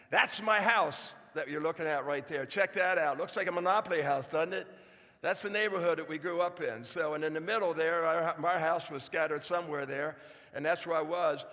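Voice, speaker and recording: Speaking to an audience in a large hall, a man in his seventies uses a high-leaning voice that sounds pushed and bright. His speech is folksy and full of jokes, aimed directly at the crowd.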